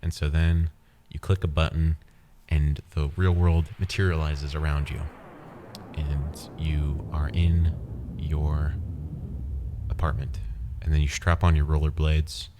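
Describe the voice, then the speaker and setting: A man's voice: extremely low pitch, flat delivery, moderate pace, hardly any pauses, mellow, a little hiss or hum. A man hosting a podcast, rambling playfully and guiding the listener through an imagined scene. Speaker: podcast host. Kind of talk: casual podcast monologue.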